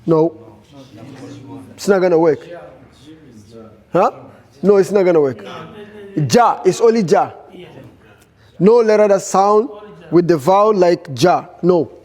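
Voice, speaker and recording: High-voiced, slow-paced reading teacher. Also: male voice, warm tone. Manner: drills sounds by repeating them, asks the class questions. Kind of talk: live Quran reading class.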